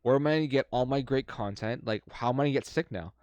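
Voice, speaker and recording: A man's voice: mid-range voice, quick pace, darkish tone, no room sound. A man co-hosting a casual gaming podcast, sarcastic and swearing as he argues the other side for fun. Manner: sarcastic, swearing, mock arguing. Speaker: podcast co-host.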